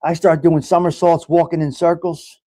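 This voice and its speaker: A man's voice: fairly high pitch, level tone, moderate pace, warm tone, dry recording. Joking New man hosting a livestream. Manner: joking mob-style banter, swears freely. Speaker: livestream host. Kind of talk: casual livestream chat, reading viewer comments.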